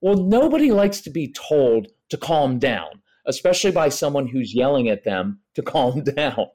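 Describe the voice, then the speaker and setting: A man's voice: medium pitch, big pitch swings, moderate pace, darkish tone. A middle-aged man, a parenting expert guest on a podcast, explaining in a practical way and acting out examples in voices. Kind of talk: podcast interview.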